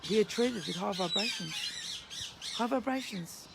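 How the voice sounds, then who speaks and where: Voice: mid-range voice, normal speed, creaky. A vlogger ranting heatedly outdoors, swearing and pleading with a strained voice that is starting to give out. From Australia. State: voice strained and going. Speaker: vlogger and counsellor. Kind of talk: emotional ranting vlog. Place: outdoors near a duck pond. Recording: loud birds and outdoor noise. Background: loud birdsong and quacking.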